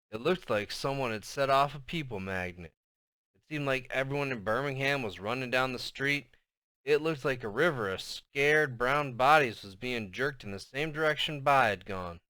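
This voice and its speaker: Bright, clear-voiced male audiobook narrator. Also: medium pitch, moderate pace, dry recording. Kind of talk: novel read aloud in first person.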